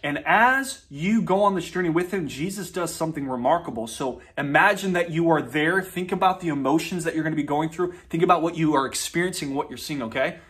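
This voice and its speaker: A man's voice: on the high side, fairly quick, few pauses, a bit bright. A man preaching a sermon, reading scripture aloud and telling it as a story, speaking straight to his listeners with emphatic repetition.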